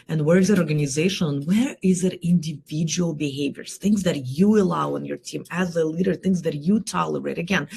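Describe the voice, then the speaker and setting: Husky woman coach, gravelly, rhetorical. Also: low voice. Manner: energetic, rhetorical, keeps asking "right?". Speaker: host and leadership coach. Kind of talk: solo livestream talk.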